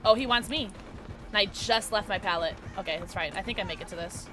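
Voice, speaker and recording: A woman's voice: mid-range voice, quick pace, music in the background. A woman streaming live from home, chatting with viewers and reacting to her game in playful slang. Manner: bubbly, playful slang, talking to chat. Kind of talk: live gameplay commentary with chat.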